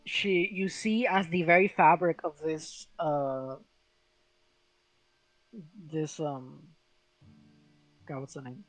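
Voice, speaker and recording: A game master narrating a tabletop game in a casual, halting way, with many fillers. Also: medium pitch, fairly even intonation, soft background music, poor audio.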